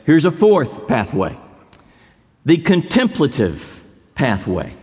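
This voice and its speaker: A man's voice: on the high side, huge pitch swings, slow, a little mellow. A male pastor preaching a sermon in a church sanctuary, building to emphatic repetition. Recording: long hall reverb.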